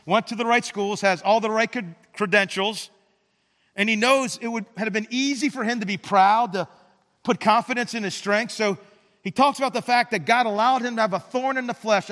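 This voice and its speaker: A man preaching a sermon as a pastor, earnest, often repeating words as he restarts and dropping to soft emphasis. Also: high-pitched, in a large hall.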